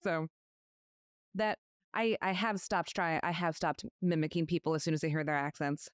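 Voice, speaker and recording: A woman's voice: low voice, fairly even intonation, moderate pace, clean tone, no echo, clean studio sound. A woman hosting a podcast interview, telling stories in a friendly way and laughing easily. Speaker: podcast host, lawyer. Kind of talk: conversational interview.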